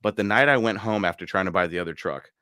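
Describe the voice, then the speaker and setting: A man's voice: low voice, quick pace, sharp tone, clear, resonant tone, no room sound, clean studio sound. A man hosting a podcast, telling a story in casual chat and laughing as he goes. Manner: laughs through stories, acts out quoted voices. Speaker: podcast host.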